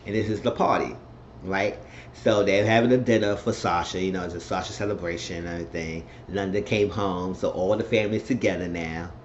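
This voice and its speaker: A man talks through a TV episode recap in a loose, rambling way, padding it with filler phrases. His voice sits low. The recording sounds dull and lo-fi, with a faint hiss behind him. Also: steady tone, brisk. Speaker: TV recap reviewer.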